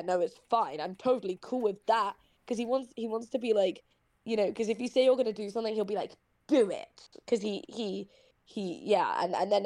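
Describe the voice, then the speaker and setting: A woman's voice: mid-range voice, dark tone, no echo. A woman with a slightly British accent, ranting bluntly and profanely in a casual voice chat, often restarting her sentences. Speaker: voice chat participant. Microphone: computer mic in voice chat.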